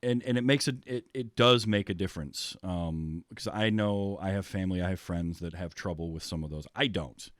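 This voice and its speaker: Low-voiced American podcast host. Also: male voice, normal speed, few pauses, dry recording, clean studio sound. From United States. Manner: rambling, many ums, laughs easily. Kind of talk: casual chat.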